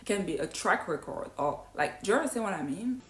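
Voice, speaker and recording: A woman's voice: medium pitch, expressive, fast, soft background music. Woman teaching pronunciation in an echoey room. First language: not English. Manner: explanatory, often checks in with "right?". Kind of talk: online pronunciation lesson.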